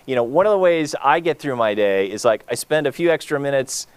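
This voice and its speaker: A man's voice: mid-range voice, lively intonation, a little fast, clear, resonant tone, no room sound. A man co-hosting a charity gala, earnest and rambling, with many fillers. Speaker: gala co-host. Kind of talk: heartfelt live co-hosting.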